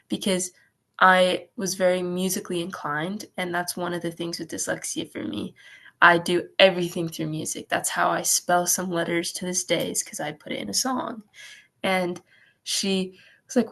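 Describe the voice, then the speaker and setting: A woman's voice: on the low side, level tone, normal speed, vocal fry, fairly bright tone. A teenage girl talking earnestly in an interview, with many "like" fillers. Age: teens. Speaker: guest. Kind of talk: casual interview talk.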